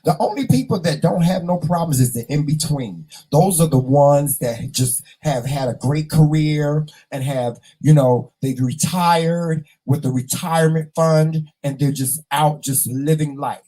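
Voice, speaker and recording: A man's voice: fairly high pitch, measured pace, hardly any pauses, rough recording. A man chatting casually with viewers, reading their comments and dramatically acting out little scenes. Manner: animated, dramatic, talks to viewers and acts out scenes. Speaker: vlog host.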